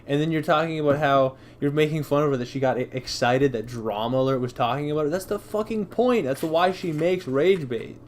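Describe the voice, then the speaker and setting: A man's voice: a little high, a little fast, hardly any pauses, slight background noise. A man hosting a live reaction stream who rants in a heated, profane way. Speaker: live-stream commentary host.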